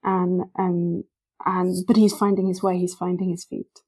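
A woman's voice: lowish voice, flat delivery, measured pace, darkish tone, slightly rough. A woman, a literary scholar and podcast guest, discussing a poem in a thoughtful, hesitant way with many ums and restarts.

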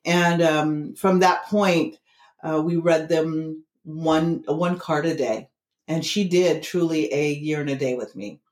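A middle-aged woman, a tarot teacher appearing as a guest, tells a personal story in a casual interview and voices the people she quotes. She speaks slowly in a low, darkish voice, and the recording has a roomy echo.

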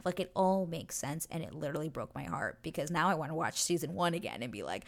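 A woman's voice: deep voice, big pitch swings, normal speed, vocal fry. A woman hosting a podcast, recapping a TV series in a chatty, gushing way with many fillers and restarts. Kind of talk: casual chat.

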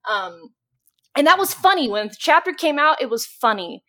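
A woman's voice: high-pitched, sing-song, moderate pace, a bit bright. A young woman co-hosting a podcast, rambling enthusiastically and swearing casually. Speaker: podcast co-host.

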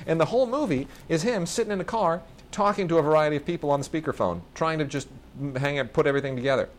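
Fast and on the high side, the man hosts a podcast where he reviews films in an enthusiastic, casual chat. He often restarts his sentences.

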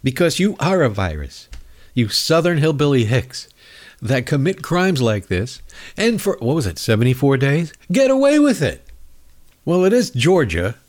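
A man hosting his own talk show, ranting through a sarcastic, angry monologue. His pitch swings widely as he mocks his targets, from a mid-range voice. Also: very animated, normal speed, a little mellow. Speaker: radio show host.

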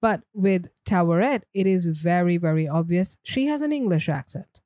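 A woman's voice: on the low side, animated, normal speed, mellow, dry recording, clean studio sound. A woman co-hosting a podcast in casual chat, talking thoughtfully and laughing easily. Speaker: podcast co-host.

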